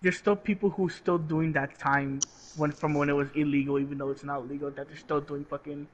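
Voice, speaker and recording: A young man co-hosting a casual podcast, talking in an animated, profane way and stumbling over restarts when he gets going. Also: on the high side, fairly quick, highs cut off. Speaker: podcast co-host. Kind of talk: casual chat.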